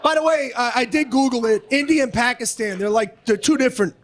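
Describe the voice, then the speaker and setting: A man's voice: very high-pitched, fairly quick. A man performing a stand-up comedy set, ranting and swearing in a brash, profane way. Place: comedy stage with live audience. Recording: live audience noise.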